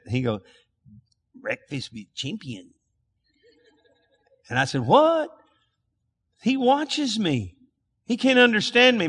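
A man's voice: mid-range voice, a bit bright, big-room sound. A man preaching a sermon at a church revival, telling folksy stories and repeating himself. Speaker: pastor.

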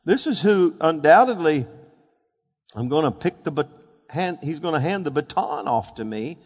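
A man preaching a sermon, fervent, building to shouted peaks and asking the congregation questions. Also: a little high, expressive, normal speed. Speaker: pastor. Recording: long hall reverb.

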